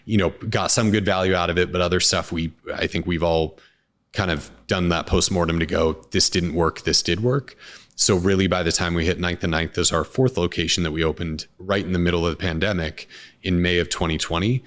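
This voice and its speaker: Low-voiced man talking business, rambling. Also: fairly quick. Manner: relaxed, rambling, with many restarts and fillers. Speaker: restaurant co-founder and CEO. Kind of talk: casual interview talk.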